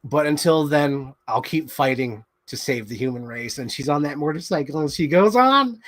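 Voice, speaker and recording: A man hosting a show, excitedly rambling through a movie recap in casual chat, swearing freely. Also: on the high side, moderate pace. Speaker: show host.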